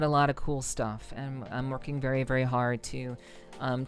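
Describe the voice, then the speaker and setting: Chatting with viewers on a livestream, a woman from the New York City area rambles, swears, says um often and bursts out laughing. Her voice is low, clear and resonant.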